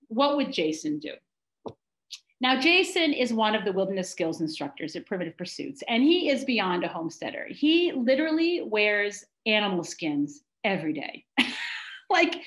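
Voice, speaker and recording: Middle-aged woman telling a story live, high voice, lively and dramatic, roomy hall. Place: congregation hall on stage. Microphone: stage mic with feedback. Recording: echoey hall.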